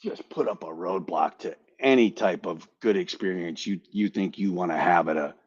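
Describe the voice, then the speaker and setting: A veteran hosting a casual podcast tells a lively story at a moderate pace, his ordinary-pitched voice carrying a breathy edge. He curses freely and stumbles over repeated words, and the recording is dry with no room sound, a little dull like a lo-fi mic.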